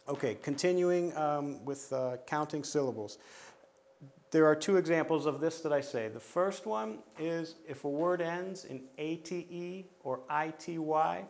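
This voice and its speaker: A man with a slightly high voice and vocal fry trains teachers, methodically explaining pronunciation rules step by step. He repeats steps and uses many fillers and restarts.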